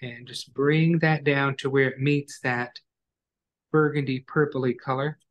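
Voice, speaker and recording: A man teaching an online acrylic painting class, giving calm, step-by-step instructions as he works. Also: medium pitch, unhurried, dull audio.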